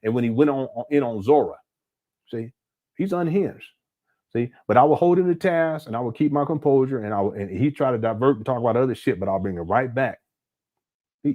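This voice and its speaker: A man hosting a casual live-stream commentary, talking in a rambling, animated way with frequent restarts and crude language. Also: medium pitch. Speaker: commentary channel host.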